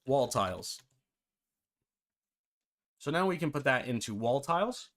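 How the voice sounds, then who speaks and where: A man's voice: medium pitch, very animated, a little slow, fairly bright tone. A man hosting a live-streamed game development tutorial, chatty and self-deprecating, often breaking into laughter.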